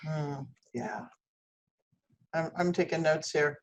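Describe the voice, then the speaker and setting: A woman's voice: sits low, fairly even intonation, slow pace. A woman hosting a casual interview, giving brief encouraging responses. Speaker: host.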